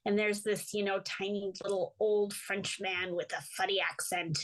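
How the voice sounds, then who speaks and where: With a medium-pitched voice at a normal speed, this American guest artist shares anecdotes during a relaxed interview. She performs the quotes she recounts and frequently breaks into laughter, keeping her storytelling lively.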